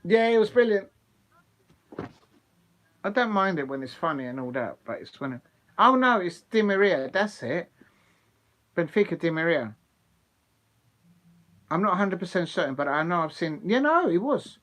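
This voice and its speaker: A man hosting a live football watch-along, chatting excitedly with viewers and laughing often. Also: high-pitched, moderate pace, pauses often. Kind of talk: live casual chat with viewers.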